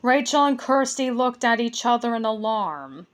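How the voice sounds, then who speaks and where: A woman reading a children's chapter book aloud as a gentle bedtime story. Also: a little high, expressive, moderate pace.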